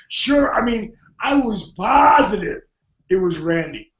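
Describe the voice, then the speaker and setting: A man's voice: high-pitched, moderate pace. A man guest on a podcast, telling a story with lots of energy, often laughing and acting out what people said. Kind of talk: animated storytelling. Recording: muffled, roomy audio.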